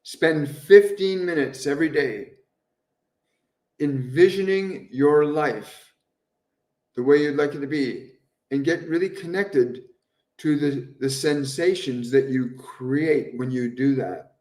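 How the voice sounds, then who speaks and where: Earnest man, slightly high voice, echoey room. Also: takes it slowly, darkish tone, distant mic. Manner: repeats phrases over and over for emphasis. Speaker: spiritual medium hosting a live stream. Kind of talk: live-stream channeling, answering viewer chat. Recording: roomy echo, voice somewhat off-mic.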